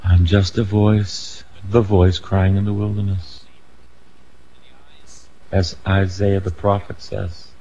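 Slow, emphatic older man preaching. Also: low voice, flat delivery, lo-fi sound. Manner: emphatic, rising to shouts on key lines, with asides and self-corrections. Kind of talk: sermon.

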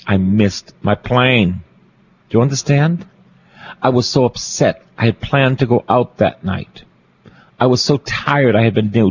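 A man's voice: medium pitch, highs cut off, slight background noise. A Catholic priest, a man, preaching a storytelling sermon, repeating phrases for emphasis and asking his listeners questions.

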